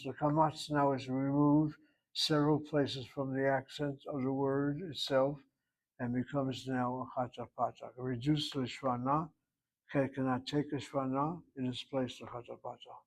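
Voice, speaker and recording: A man's voice: medium pitch, flat delivery, unhurried, poor audio. A man teaching a Hebrew grammar class, explaining step by step in an emphatic, opinionated way.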